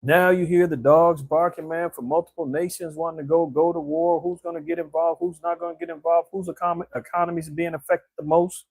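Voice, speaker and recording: A man's voice: fairly high pitch, little pitch movement, fairly quick, hardly any pauses, darkish tone, breathy edge, dry recording, low-quality recording. A man giving a casual, conversational scripture commentary on current events, talking colloquially and often tossing in "man" and "right?". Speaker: preacher.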